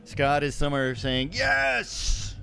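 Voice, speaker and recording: A man's voice: medium pitch, lively intonation, normal speed, fairly bright tone. A man giving live poker play-by-play, joking and laughing easily with his co-host. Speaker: poker commentator.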